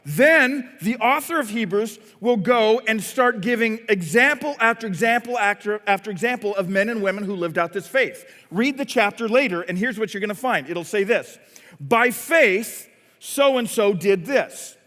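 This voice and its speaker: A man's voice: high-pitched, moderate pace, hardly any pauses, pushed and bright. A male pastor preaching a sermon, telling the story dramatically and acting out scenes, recorded in a church with long reverb. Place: church sanctuary.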